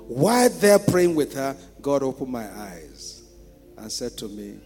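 A pastor with a Nigerian accent preaches to his congregation, posing rhetorical questions and swinging from hushed storytelling to loud shouts. His mid-range voice moves a little slowly, in a reverberant church hall with music.

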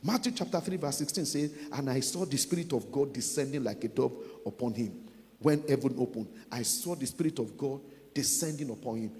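A man preaching a sermon, building from calm teaching to loud, emphatic declarations. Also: medium pitch, fairly quick, big-room sound.

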